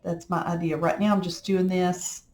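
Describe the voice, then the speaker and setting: A woman's voice: lowish voice, flat delivery, normal speed, a little mellow, slight background noise. A middle-aged woman, chatting in a folksy, rambling way while she works on a craft project at home. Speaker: crafting vlogger. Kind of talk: casual chat while crafting. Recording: echoey room.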